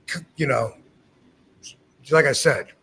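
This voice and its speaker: A man's voice: medium pitch, takes it slowly, a bit bright, a little hiss or hum. A man in his fifties, from the United States, casually telling a story as a podcast host, acting out quoted lines and swearing freely.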